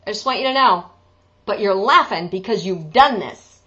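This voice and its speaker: A woman's voice: mid-range voice, animated, moderate pace, bright, forceful tone, muffled recording. A woman teaching an online singing lesson, chatty and joking, breaking into sung examples. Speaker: vocal coach.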